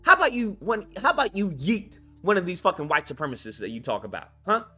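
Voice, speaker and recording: A man delivers a heated commentary rant, profane and mocking. His pitch swings widely from low grumbles to high jabs, giving the talk a lively, animated bounce. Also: fast, faint music behind. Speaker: channel host.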